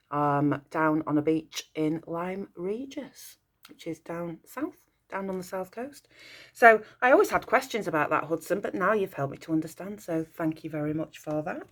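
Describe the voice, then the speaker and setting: A woman teacher leading a school assembly, encouraging and praising pupils' work, slipping in short French phrases. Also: lowish voice. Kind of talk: recorded school assembly address.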